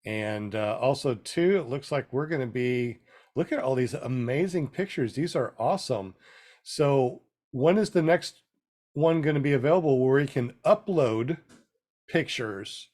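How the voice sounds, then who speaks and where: A man hosting a casual panel podcast, relaxed and quick to agree with his guests. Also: medium pitch. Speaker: podcast host.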